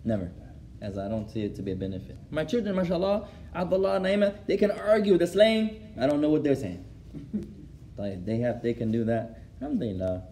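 An Islamic teacher addresses his class in a mellow, fairly high voice with big pitch swings, talking a little fast over slight background noise. He switches between English and Arabic, translating as he goes, repeats key phrases for emphasis and laughs at his own anecdotes.

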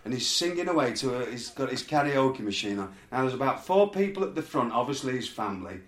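A man's voice: mid-range voice, very animated, fast, fairly bright tone. A man telling a rambling, laughing story in casual chat. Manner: rambling, laughs through his stories. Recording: echoey room, faint background noise.

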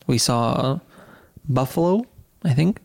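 A man's voice: medium pitch, slow, creaky. A man hosting a podcast, telling a story in a casual chat and laughing as he goes. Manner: animated storyteller, laughs mid-sentence. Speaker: podcast host.

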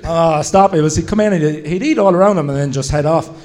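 A man, a former footballer, telling relaxed, chuckling anecdotes in casual chat. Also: a little high, fast talker.

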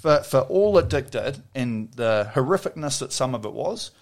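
A man's voice: mid-range voice, normal speed. Blunt, foul-mouthed New man. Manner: blunt, swears freely, animated storytelling. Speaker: interview guest, former Olympic rower. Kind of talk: casual interview chat.

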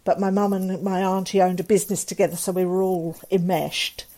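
A woman's voice: lowish voice, flat delivery, fairly quick, mellow. A middle-aged woman, a guest telling a personal story in a candid, earnest way with fillers and restarts. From England.

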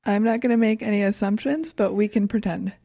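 A young woman co-hosting a casual podcast chat, calmly presenting researched facts with dry humor. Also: medium pitch, fairly quick, gravelly, no echo. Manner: calm, matter-of-fact, dry humor.

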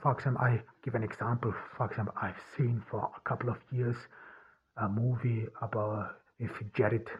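A man hosting a podcast, talking in a halting way with many restarts and fillers. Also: medium pitch, little pitch movement, slightly rough. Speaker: podcast host. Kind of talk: casual monologue. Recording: dull lo-fi audio.

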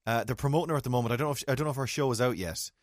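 A man's voice: mid-range voice, very fast, no room sound, clean studio sound. A man, a radio host chatting casually, joking and rambling with restarts. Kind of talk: casual chat.

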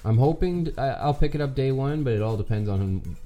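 A man's voice: mid-range voice, animated, a little fast, warm tone. A man co-hosting a casual gaming podcast, easygoing and giggly, filling his talk with "like". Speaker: podcast co-host.

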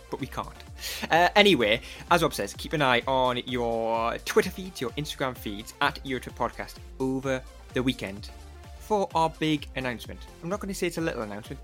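A man's voice: mid-range voice, sing-song, brisk, fairly bright tone, faint music behind. A man co-hosting a podcast in casual chat, teasing and playful. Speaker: podcast co-host.

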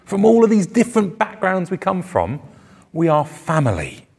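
A man delivers a sermon in a church venue, his voice gravelly with fry. His preaching is earnest and emphatic, rising on the words he wants to land. He speaks into a microphone for a live congregation. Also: sits high, huge pitch swings, moderate pace, darkish tone. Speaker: pastor.

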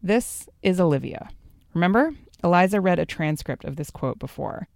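Woman narrating a podcast, slightly gravelly. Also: fairly low pitch, expressive, moderate pace, darkish tone, no echo. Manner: conversational, explanatory.

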